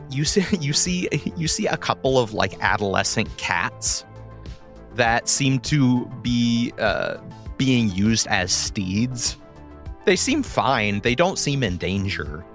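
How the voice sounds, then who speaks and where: Slow easygoing guy running a tabletop game, pitch bounces around a lot, stops and restarts. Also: big pitch swings, fairly bright tone, faint music behind. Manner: laid-back, halting narration with fillers and restarts. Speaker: game master. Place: home recording for a podcast.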